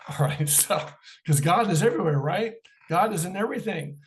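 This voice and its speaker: A man's voice: sits high, expressive, moderate pace. A middle-aged man, a podcast guest, telling a personal story in an interview and acting out the dialogue in it.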